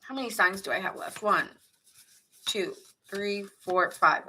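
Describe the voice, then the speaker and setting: Bright-voiced woman chatting through a tarot reading. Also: mid-range voice, fairly even intonation, takes it slowly, a little hiss or hum. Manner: casual, chatty, reacts to viewers' comments; laughs often, muses aloud. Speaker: tarot reader. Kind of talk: live tarot reading chat.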